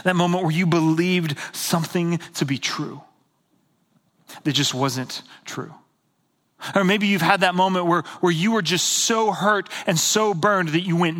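A male pastor in his thirties delivers a sermon in a bright, forceful voice pitched a little high. He tells stories with lively energy, then softens into near-whispers for tender moments. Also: moderate pace. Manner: animated storytelling, drops to soft whispers for tender moments.

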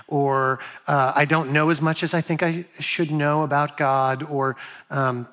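Man preaching, pastor, loose storytelling, jokey asides, fairly high voice. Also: little pitch movement, a little slow, fairly bright tone. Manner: conversational, joking storytelling with asides to the audience. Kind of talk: sermon.

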